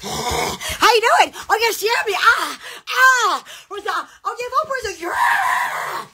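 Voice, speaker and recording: A woman's voice: very high voice, very animated, slow pace, raised voice, background noise. A woman chatting on a phone livestream, giddy and rambling, constantly exclaiming and laughing between phrases. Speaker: social media livestreamer. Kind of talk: rambling live-stream chat.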